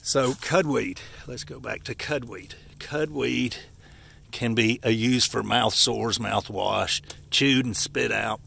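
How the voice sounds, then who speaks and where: A man from Appalachia in the United States, slightly out of breath and stuffy-nosed, walks through a yard showing wild edibles in a casual walking vlog. His mid-range, gravelly voice is bright and forceful with a breathy edge, and he takes it slowly. He's folksy and rambling, often correcting himself.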